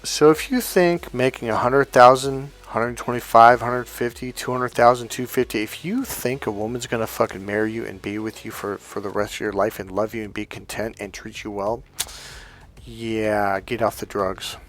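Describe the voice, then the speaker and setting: A man's voice: on the low side, steady tone, moderate pace, fairly bright tone, soft background music. A man talking as a dating coach in a profane, emphatic rant straight to his listeners. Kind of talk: monologue to camera.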